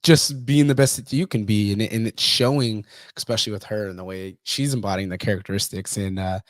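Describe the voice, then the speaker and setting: In studio-quality audio with no room sound, a podcast host talks fairly quickly in a lowish voice of fairly even intonation, telling stories in a casual chat packed with swearing and laughter.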